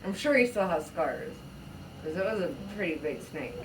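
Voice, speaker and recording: Woman, podcast co-host, low and very lively pitch, relaxed chat, a bit off-mic with faint hiss. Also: moderate pace. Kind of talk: casual chat. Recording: distant mic with faint room noise.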